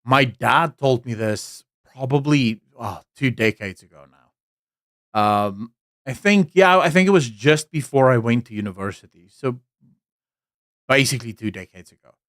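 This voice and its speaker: A man's voice: mid-range voice, lively intonation, unhurried, fairly bright tone, no echo, studio quality. A man around forty, from South Africa, with a mixed English accent that carries South African traces. He hosts a live stream of political commentary, talks bluntly and candidly, rambles with fillers, and greets viewers from the chat.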